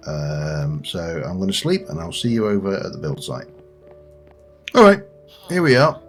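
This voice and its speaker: A man's voice: sits low, huge pitch swings, normal speed. A man giving casual, meandering let's play commentary and talking to the creatures in his game as he plays. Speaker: gaming channel host. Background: faint background music.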